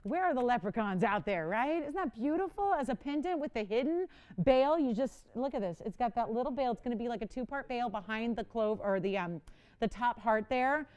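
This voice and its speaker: A woman in her forties with a fairly high, smooth and clear voice hosts a live jewelry sale on a shopping channel. She talks in a chatty, bubbly way, laughing often between pitches. The sound is a clean studio recording. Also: expressive, fairly quick, darkish tone. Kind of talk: live home-shopping presentation. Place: television studio.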